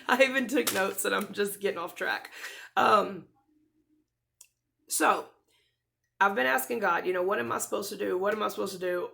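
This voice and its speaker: Earnest woman with a creaky voice. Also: mid-range voice. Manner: earnest, rambling, with many restarts and soft laughs. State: close to tears. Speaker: vlogger. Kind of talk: casual talk to camera.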